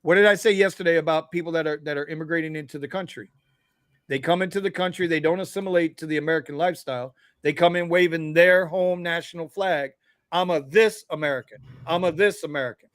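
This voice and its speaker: A man from Florida with a notably high voice rants bluntly and profanely as a co-host on a casual talk show. The sound is dry and close, with little room around it. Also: fairly even intonation, fast talker, fairly bright tone, smooth, no echo. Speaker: podcast co-host. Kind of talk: casual chat.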